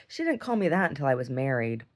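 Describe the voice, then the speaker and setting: This video diarist has an extremely low-pitched voice and talks fast with lots of animation. She tells a long, rambling story, often starting sentences over and laughing frequently.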